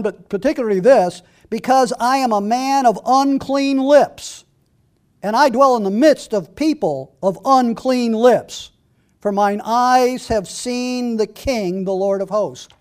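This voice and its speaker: A man preaching a sermon, reading scripture slowly and earnestly and often restarting or correcting himself mid-sentence. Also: very high voice, a little mellow. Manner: slows right down to read verses aloud.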